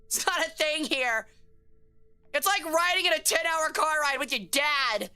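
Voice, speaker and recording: A woman's voice: high voice, a little slow, sharp tone. A woman streamer chatting casually on a live stream, slangy and joking as she reacts to chat, with faint music behind her.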